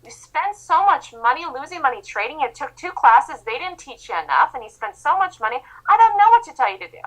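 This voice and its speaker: A woman voicing a kind male pig who pleads with and gently consoles his sad friend in a storybook-style aside. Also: high-pitched, sing-song, a little fast, pitched above the performer's own voice, poor audio. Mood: consoling.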